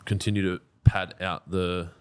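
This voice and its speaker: A man's voice: low voice, level tone, normal speed, clear, resonant tone. A man, co-hosting a podcast in blunt, joking, casual chat. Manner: blunt, joking, swears freely. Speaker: podcast co-host.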